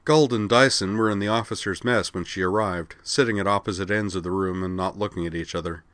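A man narrates a story in a steady, even audiobook reading. His voice is very deep and low. The recording is dry with no room sound. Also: fairly quick, dry recording.

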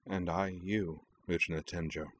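A man voicing a gentle, wistful young man in a story reading, soft-spoken and kind. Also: low-pitched, normal speed, slight background noise, lightly acted.

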